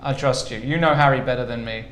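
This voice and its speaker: A man's voice: medium pitch, fast talker, fairly bright tone. A male chess commentator who jokes and laughs as he talks through the moves. His voice sits in the middle range. The room around him is echoey, with a faint hiss behind. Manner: jokey, laughs often, thinks aloud over moves.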